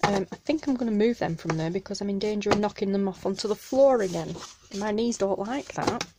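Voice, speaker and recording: A woman's voice: mid-range voice, fairly quick. A Northern English woman hosts a casual craft vlog from her home craft room and gushes over every item she unboxes. Her chatty voice sits in a middle register and is picked up by a tripod-mounted camera, with faint noise underneath. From Northern England. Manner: gushing, chatty, apologetic asides. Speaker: craft channel host.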